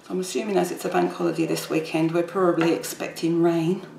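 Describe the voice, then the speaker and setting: A woman's voice: fairly low pitch, steady tone, quick pace, creaky, darkish tone. Chatty woman doing a craft demo. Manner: chatty, rambling, talks while working. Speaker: papercraft tutor. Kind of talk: casual crafting tutorial. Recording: echoey room with faint background noise.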